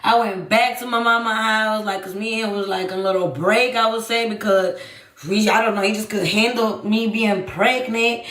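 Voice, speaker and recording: A young woman telling a story on a live stream, animated and profane, often calling out to her chat. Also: mid-range voice, normal speed, echoey room. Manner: animated, swears freely, keeps addressing the chat. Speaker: livestream host.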